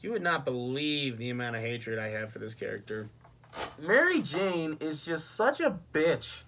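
A man's voice: fairly high pitch, sing-song, moderate pace, fairly bright tone, slight background noise. A young man ranting casually and profanely in a movie review vlog, exasperated. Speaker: vlogger.

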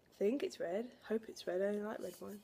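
A woman in her twenties vlogs to camera at home, her mid-range voice mellow and husky and her pace quick. She's chatty and emotional, laughing and sighing between thoughts.

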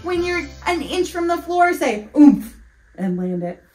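This kids' yoga guide has an extremely high voice that swings widely in pitch, delivered at a moderate pace. She sings parts of her instructions while cheerfully encouraging families through the flow, picked up by a faraway mic in a roomy space with music beneath.

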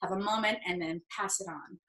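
A woman's voice: medium pitch, brisk, fairly bright tone. A young woman leading a drama workshop for kids from home, upbeat and encouraging. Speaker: acting teacher. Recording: echoey home room.

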